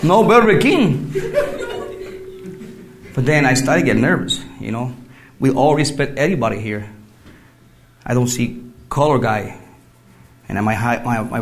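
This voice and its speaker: A man giving a personal faith testimony, telling his story in halting English and laughing through it. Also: mid-range voice. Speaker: testimony speaker.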